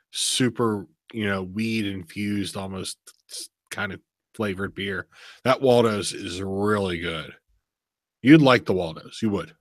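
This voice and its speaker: Guy hosting a beer podcast, bright voice, dry close sound, tells stories all fired up. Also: on the low side, dry recording. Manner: animated storyteller, swears freely. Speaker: podcast host. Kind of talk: casual chat.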